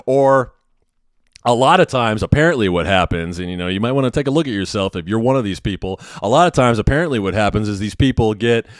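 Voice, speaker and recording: A man's voice: fairly low pitch, expressive, fast, no room sound, studio quality. Blunt, profane man ranting. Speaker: podcast host, hospital worker. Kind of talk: ranting monologue.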